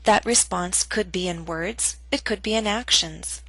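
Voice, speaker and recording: A woman teaching an English pronunciation lesson, speaking clearly and deliberately. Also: mid-range voice, sharp tone, low-quality recording. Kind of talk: scripted lesson narration.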